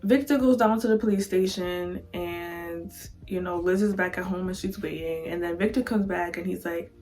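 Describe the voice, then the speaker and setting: A woman's voice: on the low side, moderate pace, soft background music. A woman vlogger giving a casual, dramatic storytime recap of a novel, acting out the characters as she goes. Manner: animated, dramatic, acts out characters.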